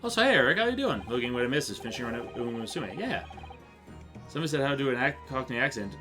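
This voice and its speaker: A man giving live commentary while he plays a game, casual and joking with a crude edge. His pitch swings in an animated way as he reacts. Game music plays clearly under his voice. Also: quick pace. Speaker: streamer.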